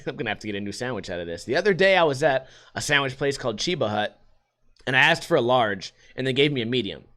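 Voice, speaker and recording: A man's voice: mid-range voice, fast talker. A young adult man from Las Vegas telling stories in a casual, profane rant, acting out what other people said. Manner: profane, animated, acts out quotes in other voices. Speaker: podcast host.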